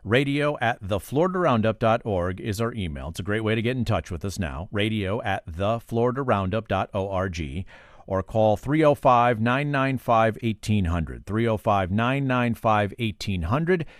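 A man hosts a radio talk show, reading contact details and introducing guests clearly. His voice is fairly low. The studio sound is dry and close. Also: animated, moderate pace, dry recording. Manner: clear, friendly, announcer-like.

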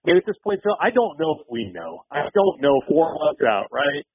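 A man, a sports reporter, calling in to a radio show and chatting quickly in a newsy way. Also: fairly high pitch, very animated, breathy edge, no echo. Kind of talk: phone-in sports radio chat. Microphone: phone. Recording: tinny phone line.

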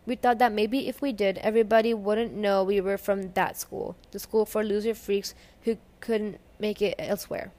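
A woman's voice: medium pitch, steady tone, normal speed, few pauses, dark tone. Woman reading a novel aloud. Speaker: reader. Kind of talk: audiobook-style reading of a novel.

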